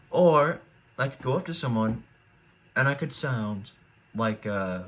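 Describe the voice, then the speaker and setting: A man's voice: medium pitch, lively intonation, unhurried, long pauses, fairly bright tone. A teenage boy in casual solo commentary, rambling and thinking aloud with frequent restarts as he weighs each choice. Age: teens. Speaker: YouTuber.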